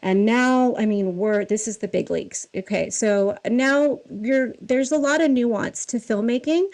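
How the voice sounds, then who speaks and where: Woman, fairly high voice, animated and chatty, laughs often, self-deprecating podcast guest. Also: unhurried, poor audio. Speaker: guest, film key costumer. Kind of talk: casual podcast storytelling.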